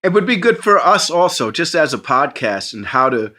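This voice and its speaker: Bright-voiced man telling a lively story. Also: fairly high pitch, moderate pace. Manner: animated storyteller who acts out voices; profane, excitable. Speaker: podcast co-host. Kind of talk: casual chat.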